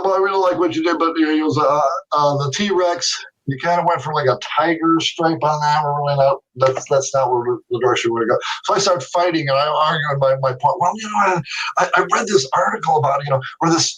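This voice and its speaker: A middle-aged man telling stories as a guest in a casual interview, animated, laughing often and acting out what others said. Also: on the high side. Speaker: guest artist. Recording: distant from the mic.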